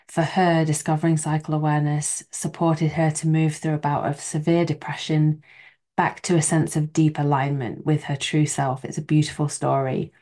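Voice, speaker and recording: Low-voiced woman hosting a podcast. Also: darkish tone. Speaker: podcast host. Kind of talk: podcast intro and conversation.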